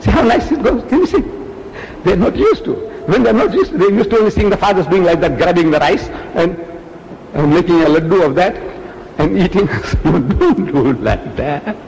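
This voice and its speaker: A male preacher speaks in a fairly high, very lively voice that swoops up and down as he acts out quoted exchanges and throws rhetorical questions at the crowd. He is recorded in a hall with a long echo and a faint ambient hum behind him. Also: moderate pace. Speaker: Islamic preacher. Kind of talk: public religious lecture.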